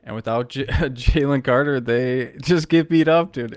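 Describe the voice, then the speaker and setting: A man's voice: medium pitch, steady tone, unhurried, few pauses, no echo. A man co-hosting a sports podcast in casual chat, laid-back and teasing. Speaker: podcast co-host.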